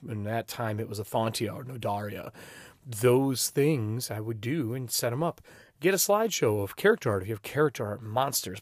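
A man talks through game-running tips in a loose, emphatic way, his pitch jumping up and down as he leans into points. The sound is dry and close, with no room around it. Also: no echo. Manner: animated, emphatic, swears casually. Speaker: game master giving advice. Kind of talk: casual advice talk.

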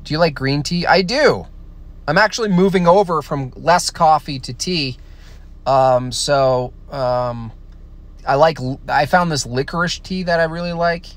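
A man's voice: a little high, measured pace. A man casually answering viewer questions, blunt and opinionated, often restarting his sentences. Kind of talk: casual stream Q&A.

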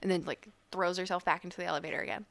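A woman's voice: on the low side, steady tone, very fast, a bit bright, no echo. A young woman co-hosting a podcast, casually telling a mystery story with frequent laughs and rambling fillers. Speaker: podcast co-host.

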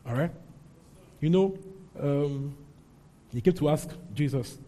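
A man's voice: fairly high pitch, slow, dark tone. A man preaching a sermon as pastor, emphatic and often checking in with his congregation. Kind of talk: sermon teaching and prayer.

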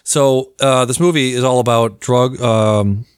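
A man hosting a casual podcast, excitable and rambling, laughing often and filling gaps with ums. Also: medium pitch, unhurried, clean tone, dry recording, clean studio sound. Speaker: podcast host.

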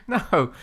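A man co-hosting a casual comic book podcast, chatty and teasing, often laughing. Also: bright, forceful tone. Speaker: podcast co-host.

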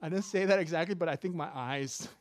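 A man in his fifties preaching a sermon as pastor, animated and jokey, swinging from loud emphasis to quiet asides. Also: a little high, fast, a little hiss or hum. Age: 50s.

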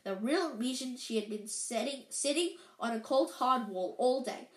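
A woman's voice: fairly high pitch, lively intonation, normal speed. A woman reading a story aloud, with small slips and restarts. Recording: roomy echo.

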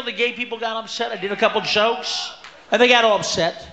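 A man's voice: sits high, fairly even intonation, brisk. Ranting, screaming stand-up man, live crowd. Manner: loud ranting, bursts into screaming shouts; profane, mocking voices of others. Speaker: stand-up comedian. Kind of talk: stand-up comedy set. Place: large live venue with audience. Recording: roomy live concert recording with crowd noise.

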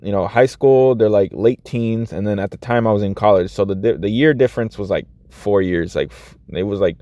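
A vlogger in his thirties who also teaches after school talks casually to his viewers, earnest and rambling with plenty of restarts. His fairly low voice is mellow and a little fast, with no room sound at all.

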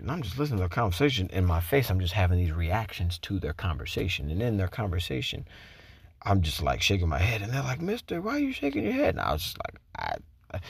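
Gravelly-voiced man telling a classroom story. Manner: animated, profane, acts out quotes in a higher voice. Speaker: teacher. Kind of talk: casual storytelling.

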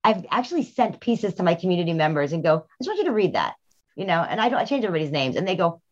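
A quick-talking woman with a fairly high, very lively voice, swooping up and down as she tells frank stories as a podcast host. The sound is a little dull and lo-fi. She laughs often and speeds through her anecdotes. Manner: frank, animated storytelling with laughs. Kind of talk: casual chat.

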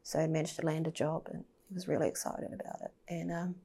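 Husky-voiced woman telling a hard story. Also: deep voice, flat delivery, quick pace, dark tone. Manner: candid, emotional, swears, drops to near-whisper at times. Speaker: podcast guest. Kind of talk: personal storytelling in a podcast interview.

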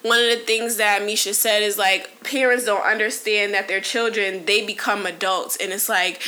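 Bright-voiced young woman chatting candidly. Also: mid-range voice, fairly even intonation, normal speed, hardly any pauses. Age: 20s. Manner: rambling, candid, with frequent fillers and restarts. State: briefly emotional. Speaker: podcast host. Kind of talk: casual solo podcast talk.

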